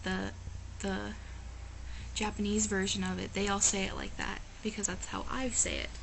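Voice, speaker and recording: A woman's voice: medium pitch, background noise. Emphatic chatty woman vlogger. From United States. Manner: exasperated, emphatic, chatty with many "like"s. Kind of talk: casual talk to camera. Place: living in Japan.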